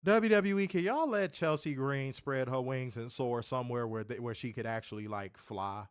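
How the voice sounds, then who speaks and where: A man's voice: mid-range voice, normal speed, smooth, no room sound, studio quality. A man co-hosting a wrestling review in casual chat, sarcastic and exasperated, often restarting his sentences. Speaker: wrestling show co-host.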